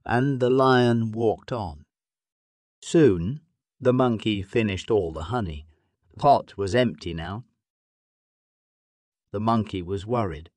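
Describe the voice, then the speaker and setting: Low-voiced guy reading a kids story slow and careful, dry close sound. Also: a little mellow, no room sound. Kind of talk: scripted narration of a graded reader.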